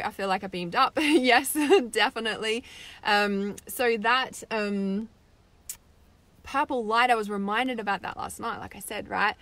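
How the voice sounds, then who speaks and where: Young aussie woman chatting on a live stream, upbeat, says like a lot, mid pitch. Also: fairly bright tone. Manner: chatty, upbeat, lots of "like" and "right?". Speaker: spiritual meditation host reading live comments. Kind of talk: casual livestream chat.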